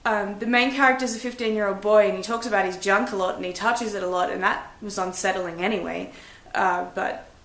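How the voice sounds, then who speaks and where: A woman's voice: medium pitch, fairly even intonation, fairly quick, a bit bright, reverberant. A young woman giving a blunt, chatty, self-deprecating book review in a casual vlog. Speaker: book vlogger.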